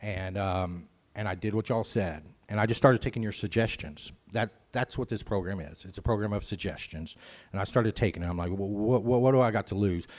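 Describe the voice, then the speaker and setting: Talking fairly quickly in a lowish voice, this AA speaker shares his recovery story at a meeting. His account is rambling, frank and self-deprecating, peppered with "you know."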